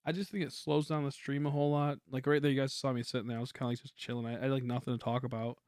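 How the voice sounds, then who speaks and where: A young man chatting casually on a game stream, quiet and rambling, humming between thoughts. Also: mid-range voice, little pitch movement, rapid-fire, no echo, clean studio sound. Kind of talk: casual livestream chat while gaming.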